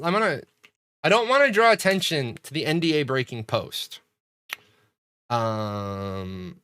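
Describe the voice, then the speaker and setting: A man's voice: a little high, fairly bright tone, no room sound, clean studio sound. A man hosting a casual livestream, telling rambling stories full of swearing and restarts. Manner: profane, ranting storyteller. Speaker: streamer hosting a game community show.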